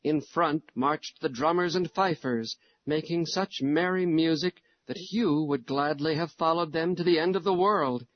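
A man narrating a storybook in a measured storytelling way. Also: fairly high pitch. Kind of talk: storybook reading. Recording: dull lo-fi recording.

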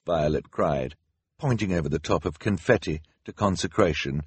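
A man narrating a storybook with expressive, dramatic storytelling. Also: low voice, normal speed, slightly rough, no room sound. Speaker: audiobook narrator. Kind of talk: scripted narration.

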